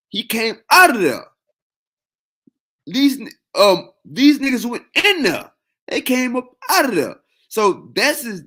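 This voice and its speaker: Animated man with a high, lively voice. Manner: animated, repetitive, heavy slang and profanity. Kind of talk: casual freestyle talk.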